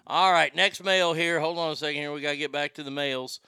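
A man's voice: fairly high pitch, steady tone, brisk, sharp tone, clear, resonant tone, dry recording, clean studio sound. A middle-aged man hosting a show, reading listener mail in a blunt, profane, rambling way. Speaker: host.

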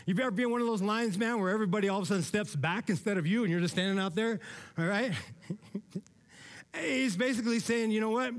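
A pastor with a high, light voice delivers a sermon like a chat with friends. He keeps checking in with his listeners and shifts from loud, emphatic bursts to low, quiet asides. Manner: casual, conversational preaching with frequent "man" and "all right?".

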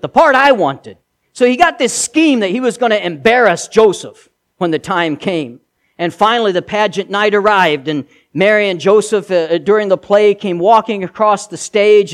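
Pastor, male, higher voice, preaching with emphatic repeated refrains. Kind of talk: sermon.

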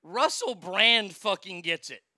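A man's voice: high voice, lively intonation, measured pace, bright, forceful tone, no room sound. A man giving a casual commentary vlog in a sarcastic, profane, mocking manner.

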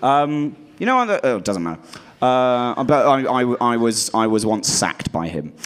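A man's voice: big pitch swings, moderate pace, clear, resonant tone. Guy doing stand-up, rambly and self-deprecating, voice swoops up and down a lot, mutters stuff under his breath. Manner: rambling, self-deprecating, trailing off into low asides. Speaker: stand-up comedian. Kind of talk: stand-up routine.

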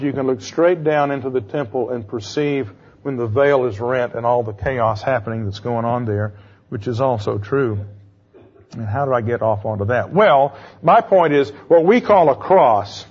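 Male lecturer, mid-pitched voice, conversational, quizzes the class, slightly muffled lo-fi recording. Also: darkish tone.

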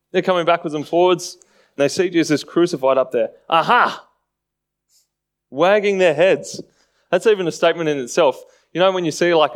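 A man preaching a sermon in a conversational way, often acting out mocking voices. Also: a little high.

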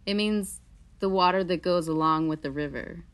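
A woman's voice: fairly low pitch, moderate pace. A woman hosting a casual podcast chat, teasing her guest with jokey interjections. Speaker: podcast host.

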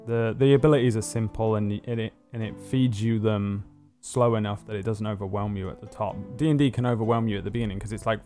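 A man's voice: on the low side, fairly even intonation, a little fast, darkish tone, soft background music. A man hosting a tabletop role-play stream, chatting casually with fillers and restarts. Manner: rambling, many fillers and restarts. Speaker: game master and show host. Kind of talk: casual post-game chat.

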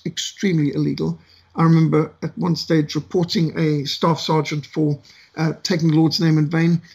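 A middle-aged South African man telling a story from his past, unhurried and pausing often with "uh". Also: on the high side, vocal fry, darkish tone, husky. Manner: unhurried with frequent "uh" pauses. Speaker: ministry speaker. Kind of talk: storytelling testimony.

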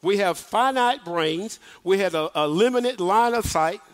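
Male preacher, very high voice, sermon built on slow, swelling rhetorical questions. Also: expressive. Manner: preaching in rising repeated questions, slowing and shouting at peaks. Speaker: minister.

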